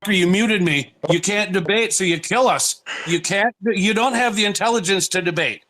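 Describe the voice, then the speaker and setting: Male caller, taunting, belligerent, high voice. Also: moderate pace, pushed and bright. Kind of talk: hostile call-in argument.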